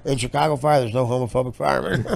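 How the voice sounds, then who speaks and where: A man's voice: medium pitch, creaky. A man hosting a comedy podcast, roasting his guest with sarcastic, profane banter into a studio mic. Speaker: podcast host.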